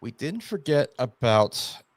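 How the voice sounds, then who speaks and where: A man hosting a high school sports live stream in a relaxed, chuckling way. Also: slow, no echo. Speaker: sports show host. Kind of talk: casual live-stream banter.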